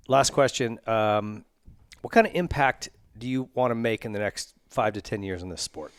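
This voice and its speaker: A man's voice: fairly low pitch, normal speed, clear, resonant tone, no room sound. A man hosting a podcast, chatting casually and enthusiastically with lots of slang like dude and rad. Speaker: podcast host. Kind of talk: casual chat.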